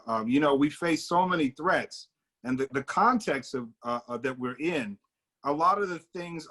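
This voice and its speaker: A man's voice: mid-range voice, bright, forceful tone. Thoughtful man leading a discussion. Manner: thoughtful, many fillers and restarts. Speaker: discussion leader. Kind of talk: casual book discussion.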